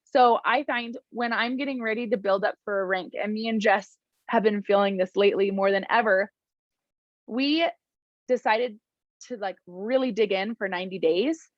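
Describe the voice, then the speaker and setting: A woman's voice: mid-range voice, moderate pace, no echo, muffled recording. A young woman, giving a casual motivational talk to her team. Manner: warm, encouraging, emotional at times; chatty with many fillers. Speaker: team leader addressing her downline.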